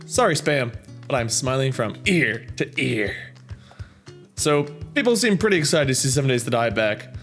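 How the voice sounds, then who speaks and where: Brief: male gaming host, mid-pitched, chatty and self-amused while reading comments, soft music underneath. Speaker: YouTube gaming channel host. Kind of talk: casual reading of viewer comments.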